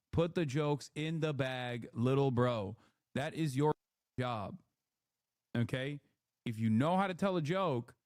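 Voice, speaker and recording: A man's voice: a little high, no echo, studio quality. A man streaming live, ranting in a blunt, opinionated and profane way. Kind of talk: casual live commentary rant.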